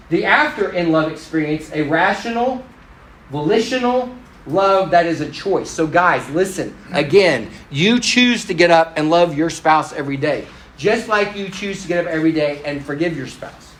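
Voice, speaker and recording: A middle-aged man with a fairly high voice preaching in a relaxed, talkative way. He tells stories and turns to speak right to the congregation, often laughing at himself. A faint hiss sits under the voice. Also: echoey room, poor audio. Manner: conversational and self-deprecating, addresses the crowd directly. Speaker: pastor. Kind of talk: storytelling sermon to a congregation.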